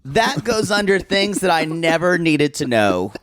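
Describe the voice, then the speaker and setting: A man co-hosting a podcast, wry and blunt, his pitch swinging widely as he talks. The sound is dry and close, with no room at all. He swears casually. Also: big pitch swings, measured pace, no room sound. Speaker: podcast co-host. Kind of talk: casual chat.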